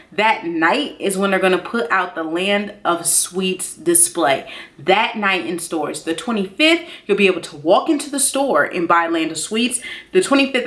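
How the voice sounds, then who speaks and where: Woman, casual candle review, chatty, excitable, lower voice, sudden high gushing. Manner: chatty and excitable, says y'all, jumps high in pitch when gushing. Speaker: beauty and candle vlogger.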